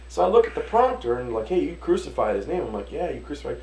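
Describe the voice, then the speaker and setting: A Detroit chef spins a lively yarn in a gravelly voice, jumping into the voices of the people in his story. He talks the loose, casual way a man does among friends. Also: mid-range voice, very fast, hardly any pauses, heavy background noise. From Detroit, USA. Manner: animated storyteller, acts out voices, swears casually. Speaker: restaurant owner and chef.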